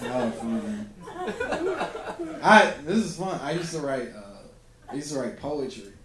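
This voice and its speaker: A man's voice: medium pitch, lively intonation, unhurried. Self-deprecating stand-up comedian man. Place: comedy club on stage. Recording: echoey club with crowd laughter.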